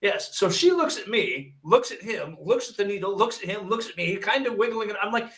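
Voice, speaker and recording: A man's voice: sits high, a little fast, hardly any pauses, far from the mic. A man from Michigan, a hypnotist and paramedic, telling an anecdote casually and acting out the dialogue with wry jokes. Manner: animated storyteller, acts out dialogue with wry jokes. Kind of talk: casual storytelling.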